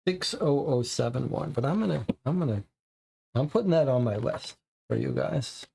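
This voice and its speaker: A man's voice: medium pitch, animated, moderate pace, gravelly, dark tone, slight background noise. A man narrating a noir tabletop game for viewers, with chatty asides. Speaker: game host playing a solo noir case.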